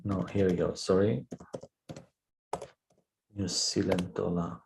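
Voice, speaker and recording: Male trading host, unhurried delivery, thinking aloud over charts, filler-heavy. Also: deep voice, level tone, creaky, darkish tone, a little hiss or hum, low-quality recording. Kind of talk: live trading webinar commentary.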